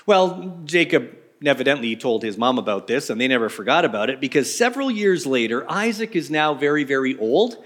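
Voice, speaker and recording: A man's voice: mid-range voice, sing-song, a little fast, a bit bright. A man preaching a casual sermon as a pastor, telling the story in a chatty way with joking asides.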